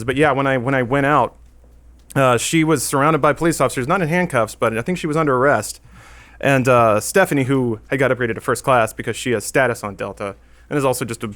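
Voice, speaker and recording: A man with a mid-range voice tells a long story on a podcast in a relaxed, conversational way. He is animated and keeps slipping into the voices of the people he describes. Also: mid-range voice. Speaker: podcast regular. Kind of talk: casual anecdote storytelling.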